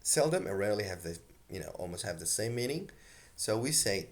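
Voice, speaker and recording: A man teaching an English grammar lesson, explaining slowly and deliberately with frequent fillers, a native Arabic speaker. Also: on the low side, big pitch swings.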